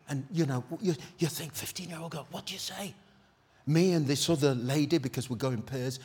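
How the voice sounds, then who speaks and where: A man's voice: on the high side, brisk, a little mellow. A British man preaching a sermon at a church service in an exclamatory, rousing way, calling out to the congregation.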